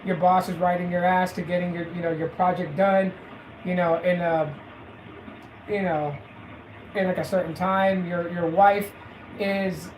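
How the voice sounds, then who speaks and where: A man's voice: sits high, level tone, measured pace, pauses often. A man hosting a casual live stream about tech, rambling with lots of "you know" fillers. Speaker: tech channel host. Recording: echoey room with faint noise.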